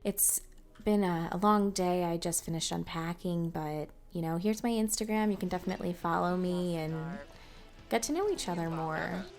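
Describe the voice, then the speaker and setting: A woman's voice: lowish voice, normal speed, darkish tone, faint music behind, lightly acted. A woman voicing a friendly young female game character who has just moved to the city, talking in a breezy, easygoing way.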